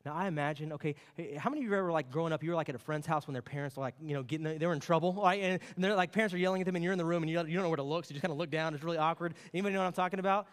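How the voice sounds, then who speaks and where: A man preaching to his church in a fairly high voice. He talks casually, leaning on fillers. He swings from raised, excited passages down to soft, hushed asides. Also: very fast, hardly any pauses, smooth, long reverb tail. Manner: conversational, with many fillers like "like" and "okay". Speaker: pastor. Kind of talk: sermon.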